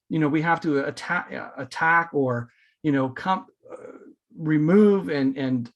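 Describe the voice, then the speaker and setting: A man's voice: fairly high pitch, fairly bright tone. Rambling man on a spiritual podcast. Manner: rambling, many fillers and restarts. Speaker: podcast host. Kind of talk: casual spiritual podcast talk.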